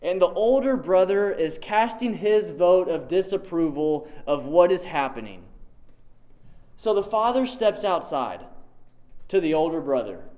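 A male preacher with a slightly high, somewhat mellow voice gives an emphatic sermon in a conversational style, often saying "like." He repeats key lines for weight and tosses in casual asides while working through a scripture reading.

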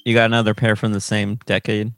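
A man's voice: on the low side, little pitch movement, quick pace, fairly bright tone. A man chatting casually on a video call, teasing his friend with probing questions. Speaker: podcast co-host. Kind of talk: casual chat.

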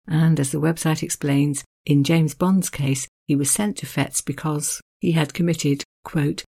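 This podcast host has a gravelly, husky voice with a mellow, warm tone. They deliver a scripted literary narration at an even reading pace, slipping in wry, self-deprecating asides. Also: mid-range voice.

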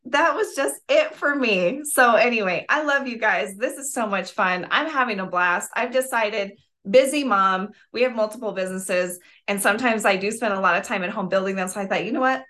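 A woman's voice: on the high side, fairly bright tone. A woman giving a casual motivational sales training on a video call, gushing and chatty. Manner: gushing, chatty, full of "oh my gosh". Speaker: network marketing trainer.

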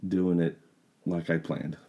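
A middle-aged man co-hosting a podcast, sick and coughing, telling stories in a halting, rambling way. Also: low voice, little pitch movement, warm tone, dull audio. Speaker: podcast co-host. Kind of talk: casual chat.

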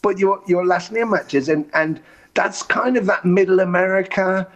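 A touring musician with a high voice tells long road stories in a podcast chat at a moderate pace, though the recording is muffled. It's animated conversational storytelling, with casual swearing and acted-out voices for the people he quotes.

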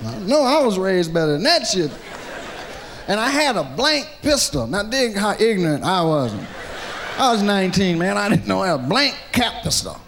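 A male stand-up comedian telling a profane story with animated delivery, acting out the characters. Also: sits high, normal speed, vocal fry, some chatter behind, slight background noise. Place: comedy stage, archive recording.

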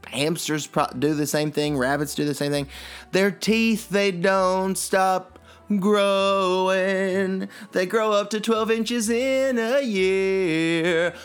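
A man's voice: high-pitched, clean tone. A man co-hosting a comedy podcast, riffing playfully with mock-dramatic asides. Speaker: podcast co-host. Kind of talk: casual comedic chat.

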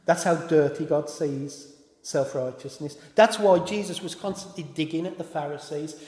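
A man's voice: a little high, moderate pace, darkish tone. A man preaching a sermon in an informal way, often stopping to correct himself and apologise. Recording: echoey hall with long reverb.

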